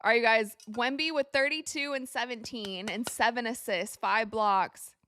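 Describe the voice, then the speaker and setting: A young woman hosting a live basketball watch party, calling plays excitedly and talking to her viewers. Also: a little high, normal speed, slight background noise. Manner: excitable, reacts loudly to plays, talks to viewers as you guys. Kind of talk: live game commentary to chat.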